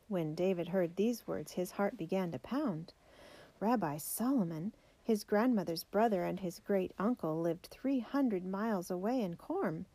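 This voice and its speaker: A woman reading a children's biography aloud in a measured, steady way. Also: fairly low pitch, dry recording. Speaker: narrator.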